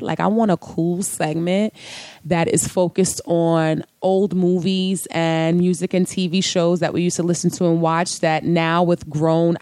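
A woman's voice: lowish voice, no echo. A woman in her late thirties hosting a casual solo podcast, talking animatedly and dropping into sung snippets now and then. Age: late 30s. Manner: animated, breaks into singing snippets and laughs. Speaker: podcast host.

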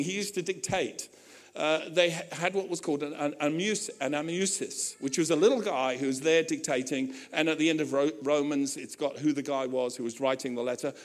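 A male pastor preaching a sermon to his church, animated and conversational, with humorous asides and acted-out quotes. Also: high voice.

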